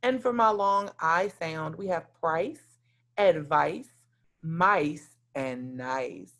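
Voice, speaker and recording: A woman teacher giving a recorded lesson in clear, deliberate teacher talk, stepping through lists point by point. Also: low voice, a bit bright.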